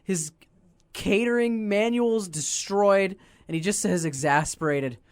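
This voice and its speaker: A woman's voice: medium pitch, unhurried, no room sound, clean studio sound. A woman co-hosting a podcast in casual chat, exclaiming and riffing incredulously. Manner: lively, exclaiming, incredulous riffs. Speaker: podcast co-host. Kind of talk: casual chat recapping a cartoon.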